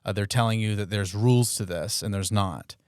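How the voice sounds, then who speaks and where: Young male comedian guest, low smooth voice, hesitant, dry close mic. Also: a little fast, no echo. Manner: thoughtful, hesitant, with many ums. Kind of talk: casual chat.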